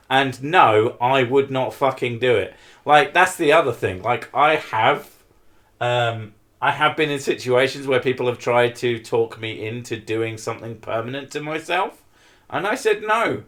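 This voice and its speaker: A man's voice: mid-range voice, a bit bright. A man with a British accent co-hosting a casual podcast, making dry jokes and swearing freely. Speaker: podcast co-host. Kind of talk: casual chat.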